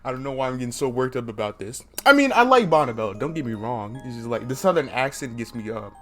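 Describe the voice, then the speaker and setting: A man reads a dating game aloud for his channel and keeps breaking off into excitable asides. His voice sits at an ordinary pitch for a man. Faint music plays in the background. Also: quick pace. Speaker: gaming YouTuber.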